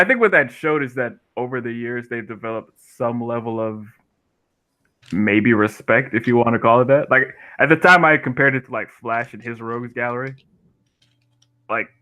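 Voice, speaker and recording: Man, bright voice, thoughtful, explains at length, casual podcast. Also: medium pitch. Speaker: podcast co-host. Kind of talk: casual gaming discussion.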